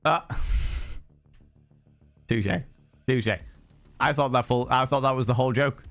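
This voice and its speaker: A man chatting casually with viewers as a livestream host, playful and theatrical, swearing freely and swinging between shouts and hushed asides. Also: mid-range voice, steady tone, takes it slowly, clean tone, faint music behind.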